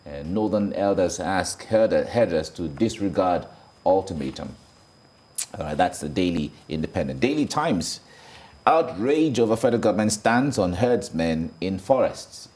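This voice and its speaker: A man with a Nigerian accent presenting a morning newspaper review, reading each headline slowly and often twice. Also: deep voice, lively intonation, a little mellow. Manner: reads headlines twice, slow and deliberate. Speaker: news presenter.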